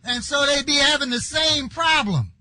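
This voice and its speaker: An older man giving an impassioned speech at a conference, building his points and rising to shouts when he stresses them. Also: very high-pitched, expressive, moderate pace, no room sound, low-quality recording. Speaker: conference speaker.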